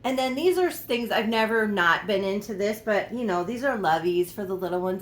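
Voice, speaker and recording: Young woman, casual doting chatter, giggly, echoey room, faint background hiss. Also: on the high side. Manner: chatty, giggly, doting, talks to her dolls. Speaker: doll collector vlogger. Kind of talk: casual chat to camera. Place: room at home, indoors.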